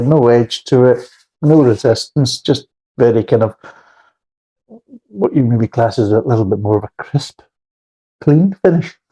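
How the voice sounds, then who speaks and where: Man, beer reviewer, blunt and sweary, rambling, mellow dark tone, husky. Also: mid-range voice, low-quality recording. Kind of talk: casual spoken review.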